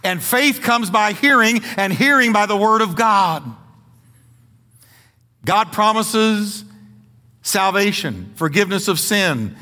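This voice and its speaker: Emphatic preacher with a bright, ringing voice. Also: male voice, high-pitched, long reverb tail. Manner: emphatic preaching, repeating words for stress; folksy humor with the congregation. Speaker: pastor. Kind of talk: sermon. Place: church sanctuary.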